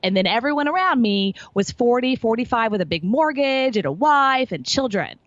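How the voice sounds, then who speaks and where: A woman's voice: on the high side, lively intonation, moderate pace, lo-fi sound. A woman sales and marketing coach telling her story in an interview, bubbly and emphatic, acting out what others said.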